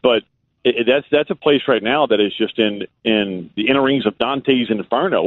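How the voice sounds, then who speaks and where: A man's voice: mid-range voice, dry recording. A man with a Louisiana accent, a guest radio host talking in a folksy, rambling way full of "uh"s. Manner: folksy, drawling, lots of "uh" fillers. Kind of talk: casual radio chat. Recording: phone-like call-in line.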